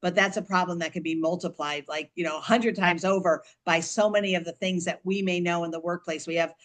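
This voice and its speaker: A middle-aged woman, an author and guest on a podcast, talking in animated bursts and often restarting or repeating her words. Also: fairly low pitch. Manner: speaks digits slowly and deliberately. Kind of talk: conversational interview.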